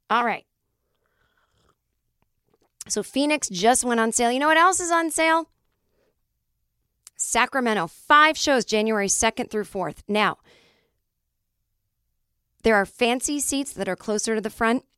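A comedian hosting her own podcast delivers a solo monologue, cranky and animated, swearing freely as she plugs her shows. Her mid-range voice is smooth yet not fully recovered, recorded on a close studio mic with no echo.

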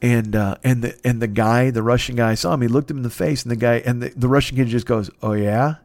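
A man in his fifties telling a rambling story in a casual, profane and excitable way. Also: mid-range voice, quick pace, creaky, dry recording. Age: 50s.

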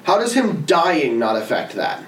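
A man co-hosting a casual podcast chat, animated, jumping between loud bursts and mumbled asides. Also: fairly high pitch, unhurried, reverberant. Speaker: podcast co-host. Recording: slightly distant mic with faint room noise.

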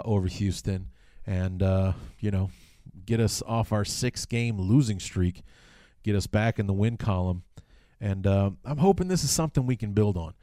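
A man's voice: lowish voice, mellow, no room sound, clean studio sound. A man hosting a casual sports podcast, rambling with lots of fillers and restarts. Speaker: podcast host.

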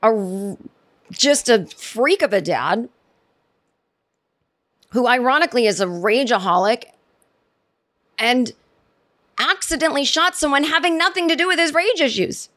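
A woman's voice: a little high, unhurried, pauses often. A middle-aged American woman hosting her own podcast, rambling and sarcastic in casual solo commentary. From United States. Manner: rambling, animated, sarcastic asides. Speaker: podcast host.

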